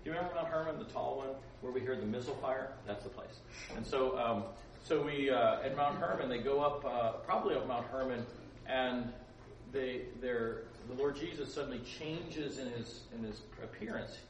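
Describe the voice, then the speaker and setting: A man's voice: medium pitch, moderate pace, a little hiss or hum. A man informally teaching a Bible story to a group, chatty, with stumbling restarts and joking asides. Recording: roomy sound, speaker far from mic, faint ambience.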